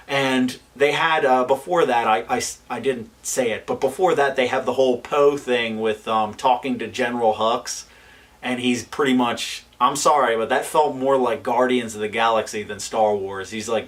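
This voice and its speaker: Casual male reviewer, fired-up and exasperated, mid-pitched, a touch off-mic. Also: distant mic. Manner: animated, exasperated ranting with fillers. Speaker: film reviewer. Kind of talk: casual spoken movie review.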